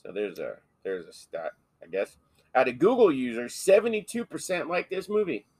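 A man's voice: mid-range voice, very animated, moderate pace, darkish tone, no echo. A man co-hosting a podcast in casual chat, joking crudely and swearing freely. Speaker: podcast co-host.

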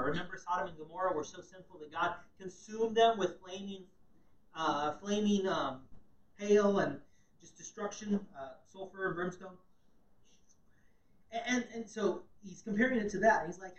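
A male pastor preaching a sermon, heard from some distance in an echoey sanctuary. He swings between loud, emphatic readings and hushed, low asides. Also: unhurried, pauses often. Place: church sanctuary. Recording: echoey room, mic at a distance.

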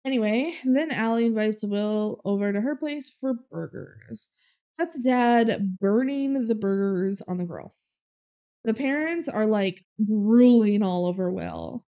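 A young woman co-hosting a podcast, retelling a movie quickly with laughs and mock quotes. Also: medium pitch, dark tone, smooth. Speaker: podcast co-host. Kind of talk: casual chat recapping a movie.

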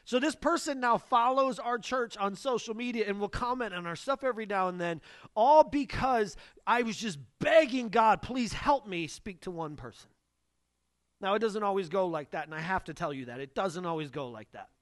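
A young adult male pastor preaching a sermon, telling personal stories in an animated way and acting out the dialogue. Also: high-pitched, normal speed, dry recording. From Northern US. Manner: animated storytelling, acts out dialogue.

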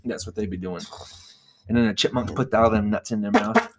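A man's voice: lowish voice, big pitch swings, fairly quick, vocal fry, a crowd in the background. A young man co-hosting a casual podcast chat, telling a funny story, laughing often and making silly animal noises. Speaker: podcast co-host.

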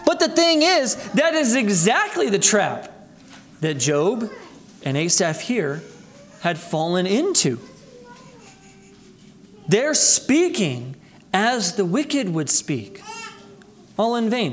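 Earnest preacher swinging loud to soft. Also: male voice, big pitch swings, takes it slowly, long pauses. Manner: earnest, addresses listeners as brethren; swings from loud, high emphasis to low, quiet lines. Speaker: pastor. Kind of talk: sermon. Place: church sanctuary.

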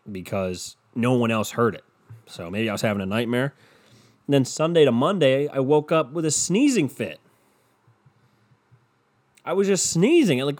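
A male host with a mid-range voice launches into a profane, exasperated rant. He repeats his points for emphasis and hurls crude insults along the way.

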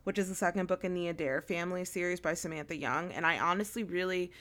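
A woman talks books in a loose, rambling way, full of fillers and restarts. Her voice sits a little low but comes across bright and forceful. It sounds like casual podcast chat. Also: fast talker. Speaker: podcast co-host.

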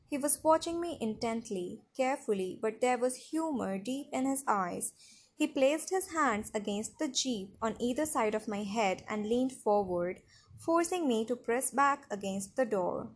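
A woman narrating a novel in the first person, with expressive storytelling. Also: fairly high pitch.

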